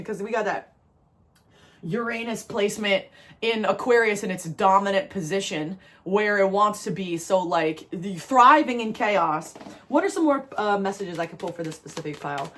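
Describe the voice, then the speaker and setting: Talking to viewers with a mid-range voice, this New Jersey woman delivers a spiritual tarot reading. She's lively, laughs a lot, and repeats phrases to stress her points.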